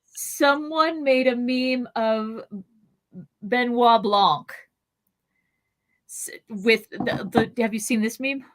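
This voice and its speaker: A woman co-hosting a casual podcast, her voice sitting a little higher than most. She chats freely, throws in quick asides and laughs often. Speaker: podcast co-host. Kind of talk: casual chat.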